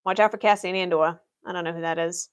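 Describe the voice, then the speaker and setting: A woman's voice: fairly low pitch, steady tone, fast, smooth. A young adult woman streaming in character as an office worker, answering chat questions with dry, matter-of-fact humor. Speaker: livestreamer playing an Imperial office worker. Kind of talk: in-character livestream Q&A.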